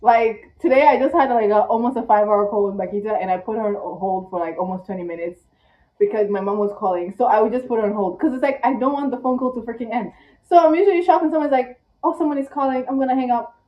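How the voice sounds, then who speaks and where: A tired young woman vlogging casually in one take, chatty and dramatic, with squeaky rhetorical questions. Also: quick pace. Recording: echoey room, distant, dull mic.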